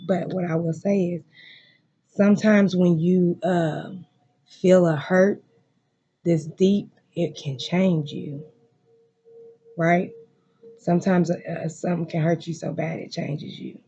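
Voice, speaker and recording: Emphatic, profane tarot reader with a mellow voice. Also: medium pitch, fairly even intonation, takes it slowly, pauses often, dull audio, a little hiss or hum. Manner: emphatic, repetitive, profane, emotionally intense. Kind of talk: tarot card reading, direct address to viewers. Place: room at home.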